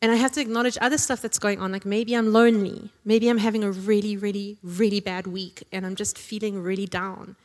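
A woman's voice: medium pitch, flat delivery, a little fast, few pauses. Woman preacher, casual conversational sermon with jokey asides, long hall reverb. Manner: conversational, tag questions, jokey asides with laughs.

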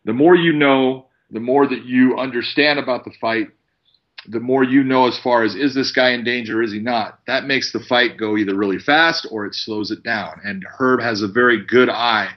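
A man who works as a fight referee, telling animated stories and acting out what people said. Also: mid-range voice, normal speed, lo-fi sound. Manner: animated storyteller, acts out quotes. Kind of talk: casual storytelling.

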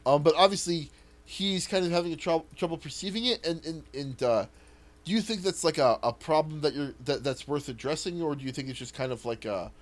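Rambling, higher-voiced man player. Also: a little fast. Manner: rambling, animated storyteller who swears casually. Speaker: tabletop game player. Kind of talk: casual podcast chat about a tabletop campaign.

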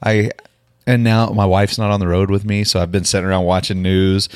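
A man's voice: sits low, flat delivery, a little fast, clean tone, no echo. A middle-aged man hosting a podcast, talking casually and chattily, often repeating words as he starts his sentences. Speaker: podcast host. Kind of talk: casual interview chat.

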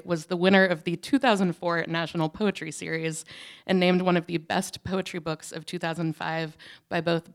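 A woman's voice: lowish voice, clear, resonant tone. A woman hosting a live reading, chatting casually with lots of fillers before introducing the next poet. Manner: chatty, self-deprecating, lots of "um" and "like". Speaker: host of the reading series.

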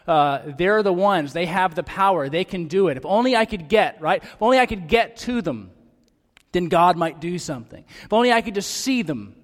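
A man preaching a sermon, animated and acting out the voices of the people he quotes. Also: high voice, brisk. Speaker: pastor. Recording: long reverb of a hall.

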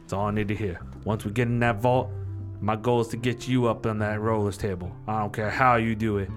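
Low-voiced man barking orders in character. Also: little pitch movement, a little fast. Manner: bossy, profane, gives orders. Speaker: player. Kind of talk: in-character tabletop role-play. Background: music.

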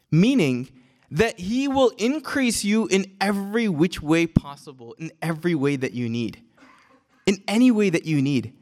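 A high-pitched man teaches a class on a religious verse. He talks in a loose, conversational way, asks himself questions and restarts his sentences. Now and then he recites the verse quickly. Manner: conversational, thinks aloud with restarts and rhetorical questions. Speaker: Islamic teacher. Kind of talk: explaining a text to a class.

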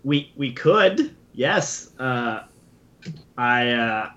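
A man playing his character in a tabletop role-playing game, talking in a wry, drawn-out way. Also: medium pitch, very animated, a bit bright, dull audio. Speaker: player.

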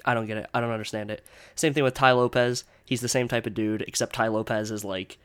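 A man's voice: mid-range voice, fairly even intonation, quick pace, fairly bright tone, clear, resonant tone. A young man talks alone into his podcast mic in a loose, rambling rant. He sounds exasperated and swears freely, and he leans hard on filler words as he goes. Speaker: podcast host. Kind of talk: casual solo rant.

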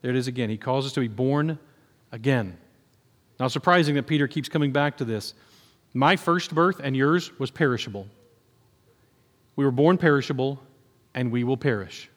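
A man preaching a sermon, moving between quiet scripture reading and excited outbursts. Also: medium pitch, normal speed, long pauses. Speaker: pastor. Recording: long hall reverb.

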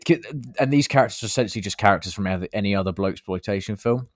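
On a podcast, a male co-host with a lowish voice talks very fast and eagerly about films, acting out lines from them in casual film chat. The sound is clean studio audio with no echo.

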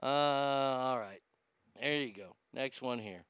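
A man hosts a talk podcast with a bright, forceful voice that is smooth and resonant. He reads listener comments and rants bluntly with plenty of swearing, jumping from loud outbursts to low muttering. The sound is dry and close. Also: slow pace, no room sound. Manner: blunt, profane ranting. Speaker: podcast host. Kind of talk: casual chat reading listener comments.

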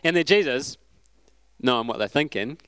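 A man preaching a sermon in a relaxed, conversational, storytelling way. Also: mid-range voice, moderate pace, clean tone, dry recording.

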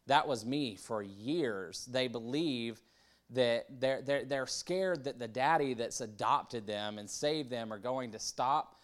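A man preaching a sermon in a conversational way, often repeating words and asking the congregation questions. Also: medium pitch. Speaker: pastor.

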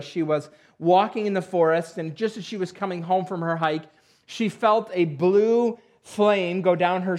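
A man preaching a sermon to his congregation, conversational with dry asides and emphatic rhetorical questions. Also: sits high. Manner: conversational with dry asides and self-deprecating humor. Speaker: pastor.

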